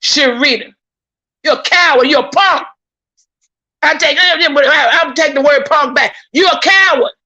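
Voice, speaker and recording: High, bright, fired-up woman commentator. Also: unhurried, pauses often, muffled recording. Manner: indignant, preachy, repeats phrases, addresses viewers as y'all; stammers when worked up. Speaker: YouTube commentator. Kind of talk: heated live-stream commentary.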